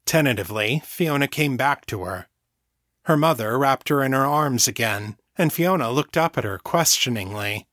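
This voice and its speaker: A man narrating a novel chapter in a steady, measured reading voice. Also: mid-range voice, no echo, studio quality. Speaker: audiobook narrator. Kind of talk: scripted narration.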